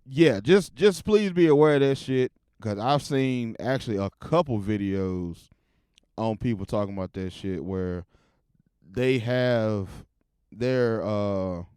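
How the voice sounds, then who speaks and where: Loading clips while he chats to himself, this podcast host rambles in a casual, profane way. His lowish voice is clear, resonant and a little mellow, captured in studio quality without echo.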